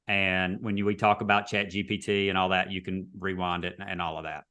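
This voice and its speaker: A man's voice: sits low, flat delivery, fairly quick, pushed and bright. A man teaching real estate agents in a casual, chatty webinar over a video call. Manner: casual, chatty, repeats himself.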